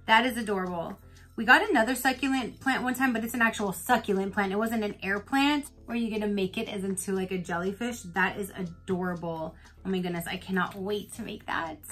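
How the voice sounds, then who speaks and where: Chatty, giggly woman unboxer with a bright, slightly high voice; faint music underneath. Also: a little fast, few pauses, husky. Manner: chatty and giggly, retells stories with lots of laughter. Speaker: unboxing vlogger. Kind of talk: casual unboxing chat. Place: home in Florida.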